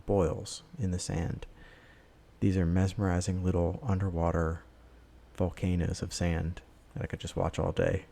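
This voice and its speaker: A man with a very low voice and a gravelly, fried edge talks his viewers through his footage in a loose, easygoing voice-over. He rambles a little and drops in plenty of "uh"s and "um"s as he goes. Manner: rambling, relaxed, many filler words. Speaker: vlogger. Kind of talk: casual voice-over narration.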